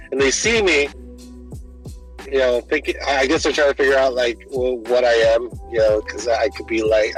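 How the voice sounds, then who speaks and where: A man's voice: mid-range voice, poor audio. A young man hosting a casual podcast chat, telling stories with lots of laughter and acted-out voices. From Filipino American. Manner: animated storytelling, laughing often, acting out voices. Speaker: podcast host.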